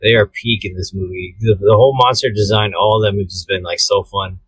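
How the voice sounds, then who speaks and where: A man's voice: on the low side, steady tone, brisk, breathy edge, dry recording, rough recording. A man co-hosting a casual movie chat with laid-back, short replies. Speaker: podcast co-host.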